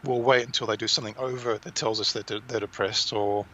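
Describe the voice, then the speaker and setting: A man co-hosting a relaxed discussion, explaining ideas carefully and pausing to find his words. His voice has a bright, forceful edge. The recording sounds dull and lo-fi, with a faint hiss. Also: lowish voice. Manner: explanatory, thoughtful, with pauses. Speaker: podcast co-host. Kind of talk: casual conversation.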